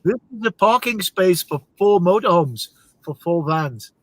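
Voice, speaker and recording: Man, live stream host, casual chat, rambling jokes, high-ish voice. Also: animated, unhurried, no echo. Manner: rambling, tells jokes with laughs. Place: parked motorhome spot.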